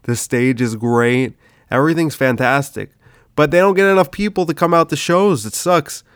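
A man's voice: on the high side, moderate pace, clean tone, no room sound, clean studio sound. A sick man hosting his comedy podcast, rambling loosely with swearing and lots of "dude". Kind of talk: casual rambling monologue.

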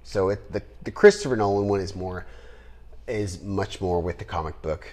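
A man hosting a podcast in casual chat, rambling and trailing off into low mutters. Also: normal speed, darkish tone. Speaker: podcast host.

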